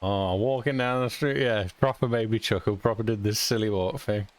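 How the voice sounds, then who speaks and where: A man's voice: lowish voice, fairly even intonation, moderate pace, no room sound. A young British man chatting casually while streaming a game, rambling and chuckling often with mild cursing. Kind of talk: casual chat while gaming.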